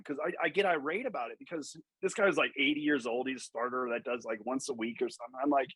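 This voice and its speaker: A man with a slightly husky voice speaks as a golf coach on a podcast. He tells stories with energy, acts out the people he quotes and swears freely. The sound is dry and close. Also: mid-range voice, quick pace, hardly any pauses, a bit bright, dry recording, poor audio. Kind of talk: podcast interview.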